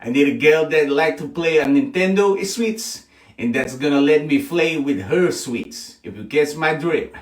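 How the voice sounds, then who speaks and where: A man's voice: fairly high pitch, lively intonation, measured pace. A man voicing a brash, crude young man, boasting in broken English that he wants a girlfriend. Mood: boastful. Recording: echoey room, heard from a distance.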